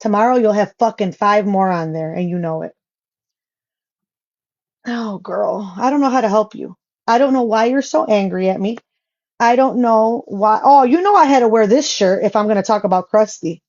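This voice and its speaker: A woman's voice: mid-range voice, normal speed, darkish tone. A woman ranting in a vlog callout, blunt, profane and confrontational, with a dull lo-fi sound. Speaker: social media vlogger.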